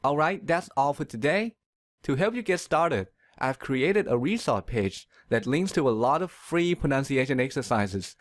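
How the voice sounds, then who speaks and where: Lively-voiced man teaching pronunciation. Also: medium pitch, no room sound, clean studio sound. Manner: clear, measured explaining with emphatic repetition. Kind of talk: scripted video lesson.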